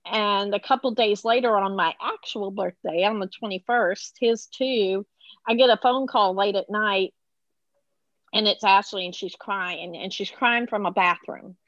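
A woman's voice: mid-range voice, measured pace, fairly bright tone, dry recording, lo-fi sound. A middle-aged woman telling a personal story as a podcast guest, acting out the voices of the people she quotes.

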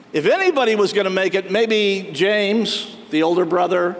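A man's voice: high-pitched, normal speed, few pauses. A man preaching a sermon as pastor, telling stories and acting out the lines of quoted townspeople. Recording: long reverb of a hall.

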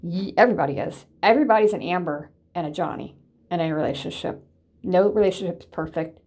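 A woman's voice: fairly low pitch, fairly quick, darkish tone. A woman talking casually to camera in a rambling, chatty way, laughing often and sometimes dropping to a whisper. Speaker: vlogger. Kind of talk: casual vlog chat.

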